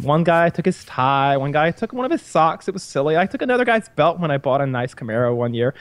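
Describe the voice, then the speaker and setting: Man telling a crude, rambling anecdote; a bit higher-pitched, dry close sound. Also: fairly quick, hardly any pauses, no room sound. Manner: profane, rambling, animated. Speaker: podcast storyteller. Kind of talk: casual storytelling.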